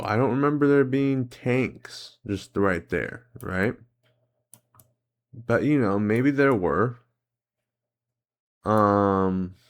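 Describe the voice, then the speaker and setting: A man hosting a guessing-game series, thinking aloud as he plays, hesitant, full of "um"s and self-corrections. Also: lowish voice. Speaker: host playing geography and history guessing games. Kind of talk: casual commentary while playing.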